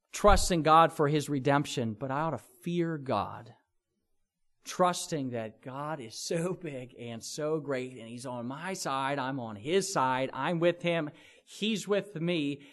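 A man with a notably high-pitched voice preaching a sermon. He speaks earnestly and expressively, punching his points with vivid sound words. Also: fairly bright tone. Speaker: pastor.

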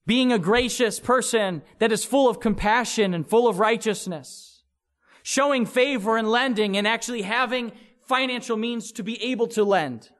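A man preaching a sermon in an earnest, expressive way, throwing in vivid sound words to make his points. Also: extremely high pitch, normal speed. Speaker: pastor.

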